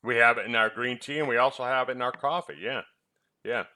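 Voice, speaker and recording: A man's voice: mid-range voice, steady tone, fast talker, pushed and bright. A man who presents health products and once ran a clinic, chatting in a rambling way and teasing his co-host with quiz questions. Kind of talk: casual chat about supplements.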